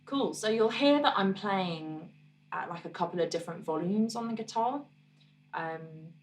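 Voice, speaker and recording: A woman musician teaching her own song on guitar, explaining parts in a relaxed, encouraging way and counting beats aloud. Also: on the low side, distant mic.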